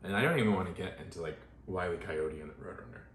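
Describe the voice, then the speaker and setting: A man's voice: low-pitched, rapid-fire. A man co-hosting a podcast, chatting playfully and animatedly about movies. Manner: animated, playful, laughs easily. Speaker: podcast co-host. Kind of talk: casual movie review chat. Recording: echoey room with faint hiss.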